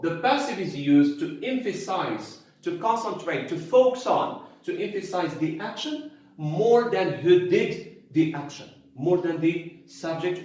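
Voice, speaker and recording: A man teaching an English grammar lesson, explaining slowly and repeating key phrases for emphasis. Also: fairly high pitch, darkish tone, heavy reverb.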